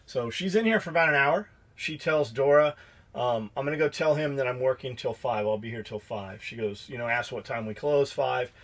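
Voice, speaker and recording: A middle-aged man in casual podcast talk, swearing freely as he acts out conversations. His voice sits at an ordinary middle pitch for a man. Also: normal speed, fairly bright tone. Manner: profane storyteller acting out dialogue. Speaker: podcast co-host and shop owner.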